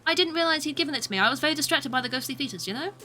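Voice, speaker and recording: A woman's voice: high-pitched, expressive, very fast, bright, forceful tone. A young woman streaming a video game, chatting along with giggly, self-mocking asides. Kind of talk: live gameplay commentary.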